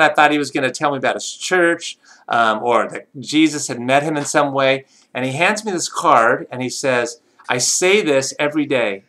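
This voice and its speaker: Bright-voiced man telling a sermon story. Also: fairly high pitch. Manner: animated storyteller acting out quoted voices. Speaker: pastor.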